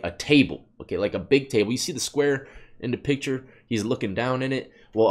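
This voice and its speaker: A man hosting a reaction vlog, talking about prison life in a laid-back, slangy way. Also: medium pitch. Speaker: host reacting to clips, formerly incarcerated. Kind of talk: casual reaction commentary.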